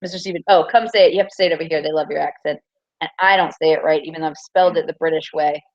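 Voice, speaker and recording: A woman teacher running a classroom quiz review, upbeat and teasing, reading each answer choice slowly and clearly. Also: low voice, darkish tone, dull audio.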